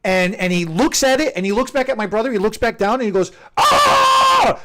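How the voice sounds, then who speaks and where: High-voiced man telling a story. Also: fast. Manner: animated, laughing storyteller. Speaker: co-host. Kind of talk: casual storytelling.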